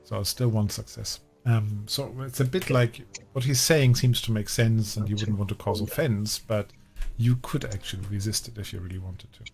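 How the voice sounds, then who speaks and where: A man running a tabletop game as game master, relaxed and rambling with fillers. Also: fairly low pitch, moderate pace, creaky.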